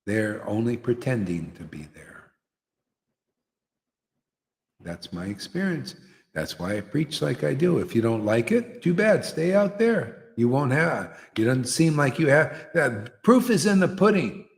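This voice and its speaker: A man's voice: fairly high pitch, very animated, measured pace, gravelly, long reverb tail. A man preaching a fiery devotional sermon, emphatic and confrontational, challenging his listeners.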